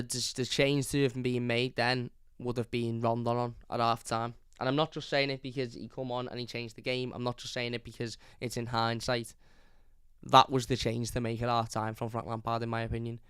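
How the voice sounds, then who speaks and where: A man's voice: medium pitch, fairly bright tone, clear, resonant tone, no room sound, studio quality. A young man, hosting a fan channel and reviewing a match live, blunt and opinionated, reading out chat comments. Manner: blunt, opinionated, repeats points.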